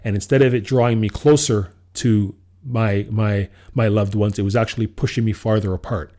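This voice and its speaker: Man, podcast co-host, dark mellow tone, animated storyteller, acts out his quotes. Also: fairly low pitch, normal speed. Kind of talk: casual storytelling chat.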